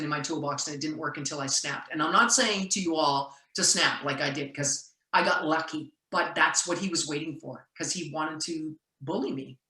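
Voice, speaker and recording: Animated woman referee telling a story. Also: sits low, reverberant, low-quality recording. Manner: animated storyteller, acts out quotes loudly. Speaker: basketball referee and session speaker. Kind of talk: storytelling talk on a video call.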